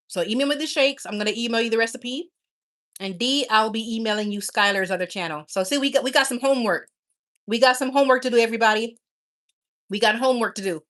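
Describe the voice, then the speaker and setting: A woman's voice: a little high, quick pace, fairly bright tone. A woman hosting a casual livestream, chatting affectionately with viewers and laughing often. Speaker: livestream host.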